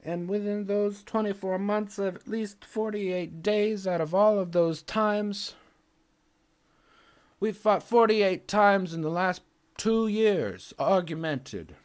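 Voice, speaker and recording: A man telling a story to his viewers in a casual, animated rant, profane, rambling and repetitive. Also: high-pitched, slow pace, clean tone. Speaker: vlogger.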